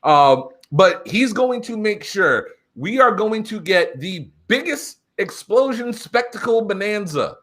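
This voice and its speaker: A man co-hosting a wrestling podcast, talking in an excited, profane, casual way. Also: sits high, slow pace, hardly any pauses. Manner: animated, profane, builds excitement. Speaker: podcast co-host. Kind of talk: casual chat.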